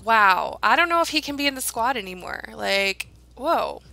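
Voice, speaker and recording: A woman's voice: a little high, sing-song, normal speed, creaky, sharp tone. A young woman giving casual, chatty commentary as she plays a life-sim game, talking to her characters and giggling often. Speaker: let's play gamer.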